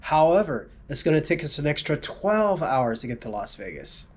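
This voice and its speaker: Man putting on a calm pilot on the intercom, reassuring, husky edge. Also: a little high, normal speed. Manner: reassuring announcement tone.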